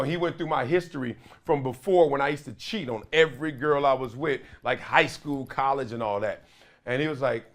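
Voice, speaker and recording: A middle-aged man hosting his own show, giving earnest, casual commentary that swings from loud emphasis to quiet reflection. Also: mid-range voice, animated, fairly quick. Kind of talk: casual solo commentary to camera.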